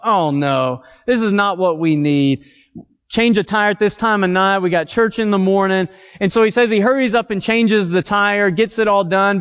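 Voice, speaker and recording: A man preaching a sermon in an earnest, conversational way, telling stories and reading scripture. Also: high-pitched. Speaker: pastor. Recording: dull audio with long hall reverb.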